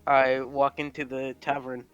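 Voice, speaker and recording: A man taking part as a player in a casual tabletop game, playful and quick to laugh. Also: mid-range voice, little pitch movement, smooth, no echo, dull audio, faint music behind.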